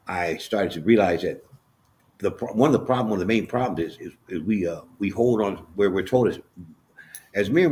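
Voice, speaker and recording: A man's voice: sits low, darkish tone. A man telling his personal story as a podcast guest, earnest and emotional, often restarting and repeating words. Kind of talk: candid personal storytelling in an interview.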